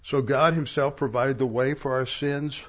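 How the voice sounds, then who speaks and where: A man's voice: medium pitch, steady tone, normal speed, dull audio. Man preaching, stressing scripture words. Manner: reads verses aloud, stressing key words, with asides. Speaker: pastor. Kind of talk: sermon teaching from scripture.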